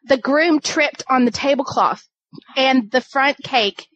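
A woman's voice: high-pitched, slow, fairly bright tone, no echo, lo-fi sound. Rambling woman telling a story. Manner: rambling, many fillers and restarts. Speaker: podcast co-host, wedding photographer. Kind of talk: casual chat, storytelling.

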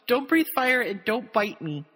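A woman voicing a nervous young boy wizard, with hurried and cautious pleading. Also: a little high, very animated, fairly bright tone, breathy edge, pitched above the performer's own voice, heavily acted. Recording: long hall reverb.

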